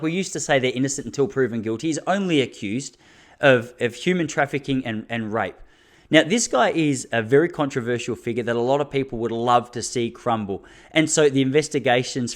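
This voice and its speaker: An Australian man in his thirties hosting a solo podcast, talking bluntly and laughing between points. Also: medium pitch. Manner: fired-up, blunt, laughs often, acts out quotes. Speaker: podcast host. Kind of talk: casual solo podcast monologue.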